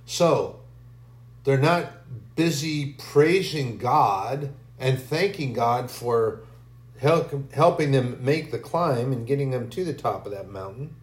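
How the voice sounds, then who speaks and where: A man's voice: mid-range voice, slow pace, roomy sound. A man giving an informal, conversational sermon, acting out quoted voices and repeating phrases for emphasis. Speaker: preacher.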